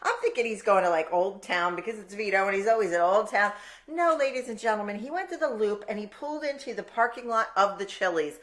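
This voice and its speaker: Lively, chatty podcast woman. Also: medium pitch, brisk. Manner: chatty, animated storyteller. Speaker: podcast producer and co-host. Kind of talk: casual banter.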